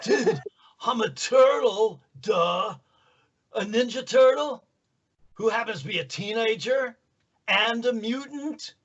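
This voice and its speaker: A man's voice: very high-pitched, animated, slow, a bit bright, pitched above the performer's own voice, heavily acted. A man voicing a laid-back teenage mutant turtle who drawls in surfer slang. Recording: dull lo-fi sound.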